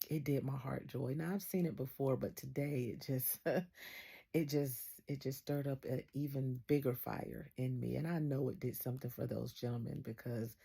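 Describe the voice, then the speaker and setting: A woman's voice: low voice, vocal fry, warm tone, husky. A woman, earnestly telling a story as the host of a faith channel and retelling conversations line by line. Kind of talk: casual spoken testimony.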